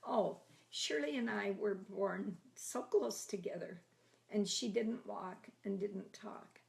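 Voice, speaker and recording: An elderly woman in her eighties reminisces about her childhood, chatty and quick to laugh. Her voice carries a gravelly fry, pitched in a middle range, and she often drops into a soft half-whisper. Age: 80s. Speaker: grandmother telling her life story. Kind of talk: casual oral history reminiscing.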